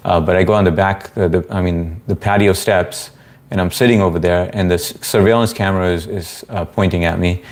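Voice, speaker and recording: Low-voiced man hosting a casual live stream. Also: fairly even intonation, fairly quick. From Indian family background. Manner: laid-back, rambling, many fillers. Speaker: livestream host. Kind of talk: casual live chat reading comments.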